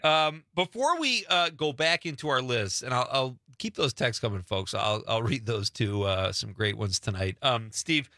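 Lively, bright-voiced middle-aged male host. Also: mid-range voice, normal speed, hardly any pauses, no echo, studio quality. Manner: easygoing, laughs often. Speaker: radio show host. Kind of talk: casual chat.

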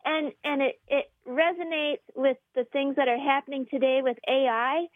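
High-pitched, animated woman comedian. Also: normal speed, dry recording, narrow, tinny audio. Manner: animated, laughing, rambling. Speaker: comedian guest. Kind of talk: casual radio chat.

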